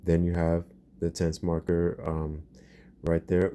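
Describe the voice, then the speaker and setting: Slow, low-voiced man teaching. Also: flat delivery, warm tone, a little hiss or hum. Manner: patient, repeats example phrases slowly. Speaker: language teacher. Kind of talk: explaining grammar lesson.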